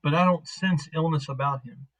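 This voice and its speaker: A man's voice: on the high side, moderate pace, rough recording. A man narrating as game master of a tabletop game, casual and profane, rambling through scenes.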